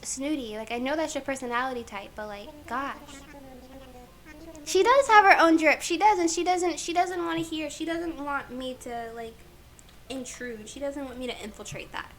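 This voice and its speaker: A woman streaming a life-sim game, chatting casually and playfully while she plays and talks to the characters. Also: high voice.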